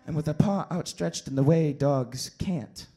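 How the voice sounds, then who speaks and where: A man performing a comic slam poem at a live poetry venue on a stage microphone, animated and swinging between shouts and hushed lines. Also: a little high, a little slow, husky. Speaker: slam poet.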